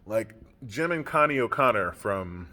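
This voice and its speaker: A young man in a candid personal monologue, rambling with lots of fillers and keeping a deliberately low, comfortable speaking tone. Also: expressive, bright, forceful tone. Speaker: podcaster.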